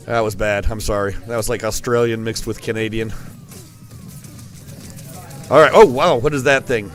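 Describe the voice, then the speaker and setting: A man's voice: on the low side, fairly even intonation, moderate pace, pauses often, fairly bright tone, faint music behind. A man giving rambling, playful live commentary on a school esports match. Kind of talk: joking live game commentary.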